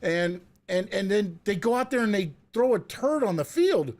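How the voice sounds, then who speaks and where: High-voiced man rambling about sports. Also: very animated, normal speed, a little mellow. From South Florida. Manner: rambling, many restarts and fillers. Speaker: podcast co-host. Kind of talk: casual sports talk.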